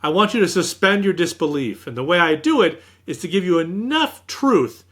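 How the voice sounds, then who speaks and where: A middle-aged man, an author being interviewed, telling animated anecdotes and acting out what others said. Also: high-pitched, normal speed. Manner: animated anecdotes, acts out quoted speech. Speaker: author guest. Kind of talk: interview storytelling.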